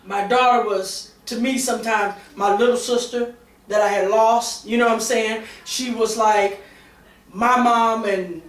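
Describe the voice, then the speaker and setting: A woman's voice: on the high side, fairly even intonation, measured pace. A middle-aged woman on a talk show panel, candidly telling a personal story with many fillers and restarts. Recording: roomy sound from a distance.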